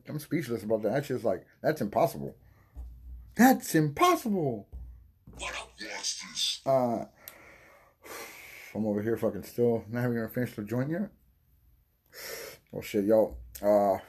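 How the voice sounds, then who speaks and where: A man with a husky, breathy voice talks in a loose, rambling podcast monologue. He swears freely, loses his train of thought, and coughs while high from smoking. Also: darkish tone. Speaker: podcast host. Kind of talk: casual stoned monologue.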